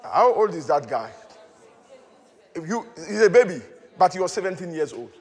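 A man preaching a sermon in a church hall, animated and often shouting as he acts out the story. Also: high-pitched, normal speed, some chatter behind. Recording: long hall reverb.

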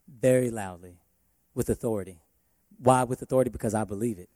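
A man, a worship pastor, preaching a sermon in an emphatic way, his loudness rising and falling. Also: medium pitch, a little fast, no room sound, studio quality.

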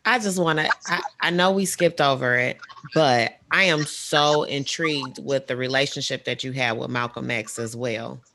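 A woman's voice: a bass voice, normal speed, a bit bright, slight background noise. A woman interviewing a guest, asking her questions politely and restarting them as she goes.

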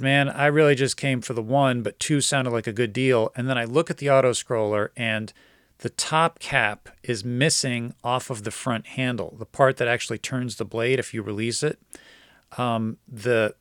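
A man's voice: medium pitch, moderate pace, smooth, dry recording, studio quality. Chatty man telling a story. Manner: animated, quotes others in dialogue, gets excited. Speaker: podcast host telling a story. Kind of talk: casual storytelling.

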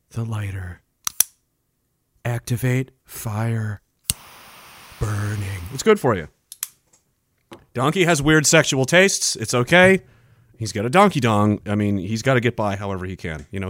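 Brief: middle-aged man, livestream host, lively up-and-down delivery, dry close mic. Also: mid-range voice, no echo. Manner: rambling, joking, reads chat aloud. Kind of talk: casual livestream chat. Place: home studio. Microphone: boom-arm studio mic.

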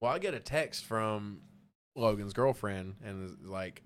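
A man's voice: on the low side, animated, unhurried, smooth. A man, a podcast guest telling a story in a rambling, casual way, full of fillers and laughter. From Arkansas. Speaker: podcast guest, band vocalist.

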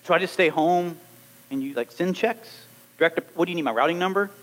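A man preaching a sermon, animated and acting out little scenes as he talks. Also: fairly high pitch, fast.

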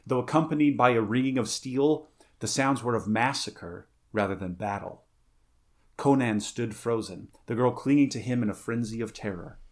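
At medium pitch, a man reads a pulp adventure story aloud steadily and with measure, now and then stopping for halting, casual chat.

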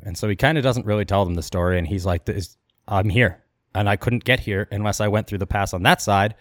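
Male podcast co-host, lowish voice, dry close mic, chatty retelling with quoted asides. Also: fast talker, no echo. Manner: animated retelling, quoting characters in passing. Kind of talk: casual storytelling chat.

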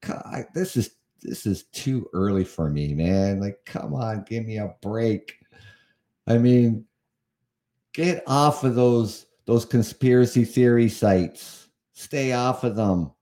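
A Canadian man in his fifties hosts a casual live podcast, his voice fairly low, slow and mellow. He chuckles a lot, sounds exasperated, and rambles with frequent restarts.

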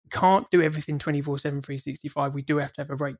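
Male podcast guest, ex-auditor, earnest, rapid delivery with restarts. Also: on the high side, fairly even intonation, darkish tone. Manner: earnest, repeats words when starting sentences. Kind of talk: casual podcast discussion.

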